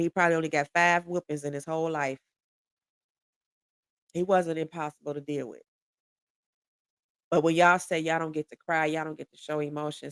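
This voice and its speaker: A woman in her forties delivers a candid, blunt, profane podcast monologue, often restarting and repeating words as she drives her point home. Her voice is low-pitched yet fairly bright, recorded cleanly in a studio with no room sound.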